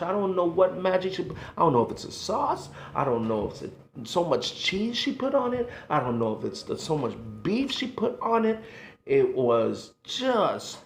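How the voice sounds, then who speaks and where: A middle-aged man from the United States, a food vlogger reminiscing in a halting, emotional way, sighing between thoughts. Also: sits high, slight background noise. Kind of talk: casual reminiscing monologue. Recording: echoey room.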